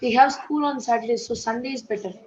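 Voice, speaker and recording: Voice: medium pitch, rapid-fire, darkish tone, lo-fi sound. A polite student talking to a teacher on a video call.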